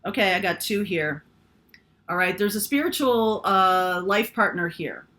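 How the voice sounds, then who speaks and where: A woman's voice: mid-range voice, unhurried, sharp tone. A woman doing a casual, chatty tarot reading, thinking aloud with lots of fillers. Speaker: tarot reader.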